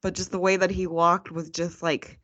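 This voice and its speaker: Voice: medium pitch, little pitch movement, moderate pace, fairly bright tone, dry recording. A podcast co-host chatting casually about films, hesitant and full of fillers. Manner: hesitant, many fillers like "like" and "I don't know". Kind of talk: casual film review chat.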